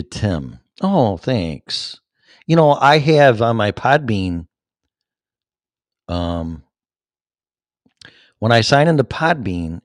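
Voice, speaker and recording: With a fairly low voice, a fiftysomething man hosts his own podcast, casually answering live chat comments in a rambling way, stumbling through fillers and restarts. The recording is dry and studio-clean.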